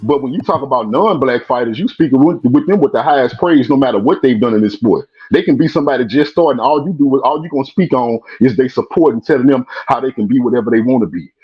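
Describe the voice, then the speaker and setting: Male caller with a Louisiana accent, fast and lecturing, over a lo-fi line. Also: mid-range voice. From Baton Rouge, Louisiana. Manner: emphatic, lecturing. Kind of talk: heated call-in commentary. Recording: muffled husky call-in line.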